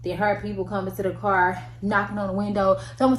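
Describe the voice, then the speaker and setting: A young woman telling a casual storytime, slangy and animated, acting out the people in it with big jumps in pitch. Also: rapid-fire, hardly any pauses. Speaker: vlogger. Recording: echoey room with faint ambience.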